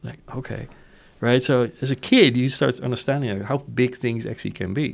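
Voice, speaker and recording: A middle-aged man with a Dutch accent, a company founder telling stories about his childhood in a casual interview, animated, laughing often and asking "right?". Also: mid-range voice, brisk, vocal fry. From Netherlands.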